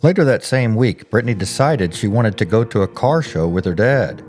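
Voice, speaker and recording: Low-voiced man narrating true crime. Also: expressive, moderate pace, a little mellow, faint music behind. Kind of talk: scripted narration.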